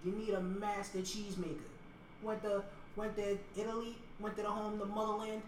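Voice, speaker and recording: A man's voice: high-pitched, little pitch movement, a little fast, pitched above the performer's own voice, close to an everyday voice. A man playing a boastful, fussy Italian-American mobster with exaggerated mannerisms. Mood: indignant. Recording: echoey room with clear background noise.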